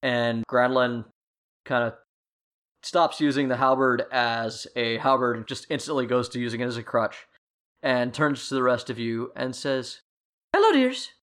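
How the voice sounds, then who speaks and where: A man running a tabletop role-playing game as its game master. He talks in an easy, conversational way at an ordinary middle pitch. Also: level tone, moderate pace, a bit bright.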